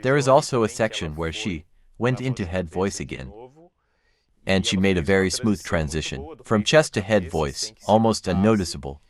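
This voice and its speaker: A man, a classical bass singer, calmly explaining vocal technique step by step while reacting to a live performance. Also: normal speed. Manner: calm, explanatory, walks through vocal anatomy step by step. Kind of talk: reaction commentary analysing singing technique.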